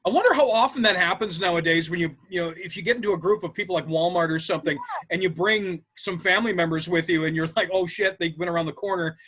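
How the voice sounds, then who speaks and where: A man telling stories in a casual group chat, animated and acting out the quotes. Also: high-pitched, quick pace. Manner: animated storyteller, acts out quotes. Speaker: improv comedy cast member.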